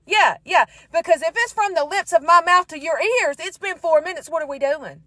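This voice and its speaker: A middle-aged woman telling a faith story in a sassy, animated way, talking straight to her listeners. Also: extremely high pitch, normal speed, no room sound. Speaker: faith vlogger. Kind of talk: casual testimony storytelling.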